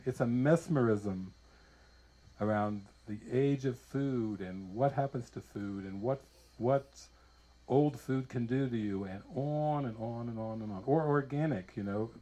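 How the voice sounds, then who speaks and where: An American man, a spiritual teacher, giving an informal retreat talk full of lively personal stories, laughing often and acting out what others said. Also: medium pitch. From United States. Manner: animated storyteller who laughs often and acts out quotes.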